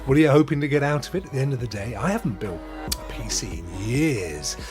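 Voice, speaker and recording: A man's voice: mid-range voice, lively intonation, fast, a little mellow, soft background music. A man hosting a casual live stream, chatting upbeat and laughing often as he greets viewers. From England. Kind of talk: casual live chat, reading viewer comments.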